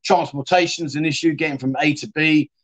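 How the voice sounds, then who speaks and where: A man's voice: on the high side, steady tone, brisk, fairly bright tone. A man hosting a casual livestream, chatting and reading out viewer comments in a rambling way, often saying "mate.". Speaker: livestream host.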